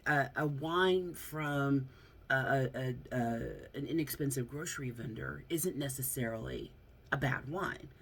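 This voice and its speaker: A woman's voice: extremely low pitch, measured pace, husky. Chatty, rambling woman vlogger. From United States. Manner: rambling, chatty, frequent laughs and fillers. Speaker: YouTuber. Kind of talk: casual vlog chat. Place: at home, seated close to camera. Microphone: phone front camera.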